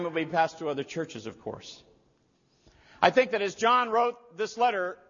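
A pastor with a high voice delivers a sermon in storytelling fashion, surging into loud, forceful emphasis. The sound is muffled and lo-fi, with a long reverb from the church hall around him. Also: male voice, creaky, breathy edge. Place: church sanctuary.

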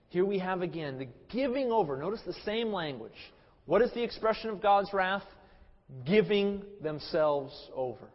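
A man preaching an expository Bible sermon, stressing words loudly and then trailing off quietly, often repeating himself. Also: high-pitched, animated, moderate pace. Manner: emphatic, swings between loud stresses and quiet trailing phrases, repeats words. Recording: dull sermon recording with long hall reverb.

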